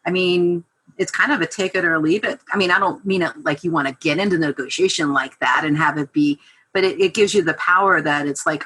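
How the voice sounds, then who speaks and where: Bright, husky-voiced chatty woman. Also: fairly low pitch, brisk, low-quality recording. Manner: chatty, animated storyteller with lots of fillers. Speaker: guest copywriter. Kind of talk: casual podcast interview.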